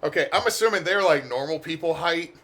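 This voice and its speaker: A man's voice: fairly high pitch, expressive, a little fast, a bit bright. A man playing a tabletop game, chatting casually and repeating himself. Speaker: player.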